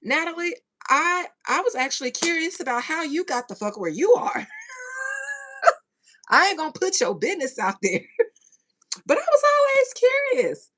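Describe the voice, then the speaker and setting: A woman hosting a podcast in a casual chat with listeners, laughing a lot and swinging between hushed asides and loud outbursts. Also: high-pitched, expressive, normal speed. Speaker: podcast host.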